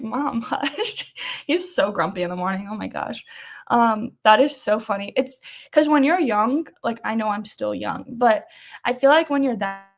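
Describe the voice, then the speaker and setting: A young woman in her twenties hosting a casual weekly live chat, rambling and laughing often. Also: fairly high pitch.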